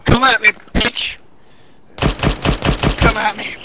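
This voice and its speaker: A gamer cursing through play and taunting enemies over chat. The voice sits at a middle pitch. Steady background noise runs under the voice throughout. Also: takes it slowly. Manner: profane trash talk. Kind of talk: casual gameplay chat.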